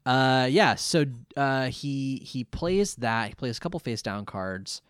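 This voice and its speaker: A man's voice: mid-range voice, a little slow, smooth, no room sound, clean studio sound. A man in his twenties co-hosting a casual podcast, recapping an anime episode and acting out quotes as he tells it. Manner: animated storytelling, acts out quotes. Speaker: podcast co-host.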